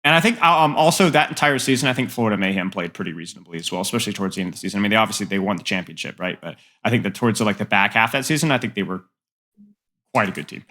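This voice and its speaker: A man's voice: on the low side, rapid-fire, sharp tone. Nasal-sounding male coach, rambling. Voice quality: self-described nasal voice. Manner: rambling, filler-heavy, frank. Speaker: game coach. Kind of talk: casual coaching session.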